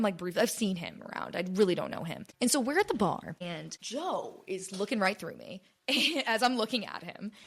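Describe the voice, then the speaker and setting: A woman in her twenties hosting her own podcast, telling a rambling, swear-filled story in casual chat with lots of "like". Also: mid-range voice. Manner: chatty, rambling, swears often, heavy use of "like". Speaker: podcast host.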